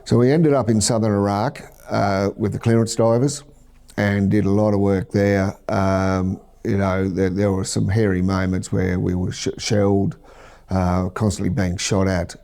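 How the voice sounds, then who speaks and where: A middle-aged Australian man, a military veteran, recounting war memories in a measured, halting interview. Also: fairly low pitch, level tone, gravelly, mellow.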